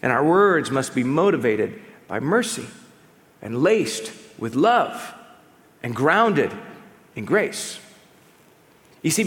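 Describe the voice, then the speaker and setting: Man, pastor, sermon, lively rising and falling pitch, conversational with humor, long church reverb. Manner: animated, conversational preaching with humor. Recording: long reverb of a large hall.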